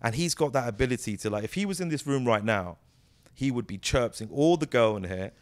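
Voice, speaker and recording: A British man in his thirties, a comedy actor, chatting as an interview guest in an animated, storytelling way. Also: mid-range voice, fairly quick. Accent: British English. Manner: animated, storytelling, many "you know"s. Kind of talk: casual interview chat.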